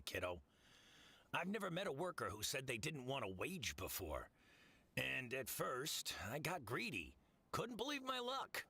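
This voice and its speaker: An actor playing a gruff, fussy middle-aged fruit merchant who talks bluntly and grumbles. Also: male voice, mid-range voice, sharp tone, heavily acted.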